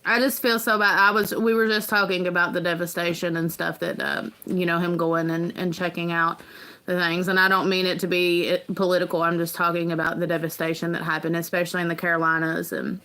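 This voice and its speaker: A woman hosting a casual livestream, talking in an earnest, rambling, halting way as a parent. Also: on the low side, flat delivery, sharp tone. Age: adult parent. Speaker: livestream host.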